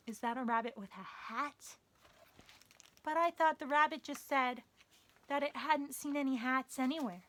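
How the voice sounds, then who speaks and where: A woman hosting a children's story time, speaking in an animated, sing-song way that encourages the children. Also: high-pitched, moderate pace.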